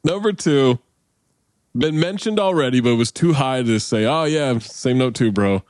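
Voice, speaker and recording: A man's voice: mid-range voice, normal speed, a little mellow, no room sound, studio quality. A man co-hosting a casual podcast about movies, joking around, laughing often and swearing freely. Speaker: podcast co-host.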